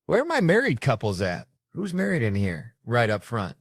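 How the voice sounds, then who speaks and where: A man doing a stand-up comedy set, brash and loud, acting out the people in his stories. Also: mid-range voice, huge pitch swings, moderate pace, slightly rough, dry recording.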